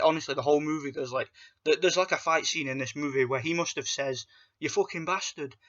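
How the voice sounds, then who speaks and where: A man rants through a movie review, blunt and profane, with plenty of open scorn. His voice is bright and forceful. The recording sounds dull and lo-fi. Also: medium pitch. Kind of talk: casual ranting film review.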